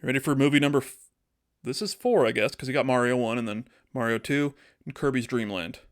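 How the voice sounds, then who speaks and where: Male podcast co-host, mid pitch, animated storyteller pitching movie ideas, casual comedic chat. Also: quick pace. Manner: animated storytelling, acts out character lines.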